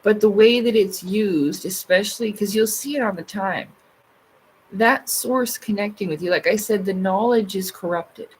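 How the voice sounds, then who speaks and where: A woman's voice: medium pitch, normal speed, slight background noise, poor audio. A woman hosting a casual livestream, chatting loosely with her viewers, full of fillers and swearing freely. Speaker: livestream host. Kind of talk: casual live chat reading comments.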